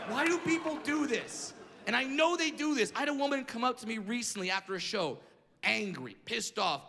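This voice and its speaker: A male stand-up comedian on stage, ranting brashly with profanity and bursts of shouting. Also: very high voice, expressive, brisk, creaky. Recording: echoey hall, audience noise.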